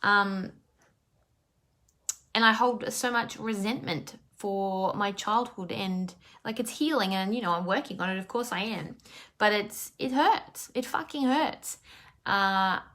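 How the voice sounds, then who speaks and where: A woman's voice: mid-range voice, fairly even intonation, a little slow, sharp tone. Woman life coach on a live talk, emotional, rambling, lots of ums and restarts. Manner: heartfelt, rambling, with many fillers and restarts.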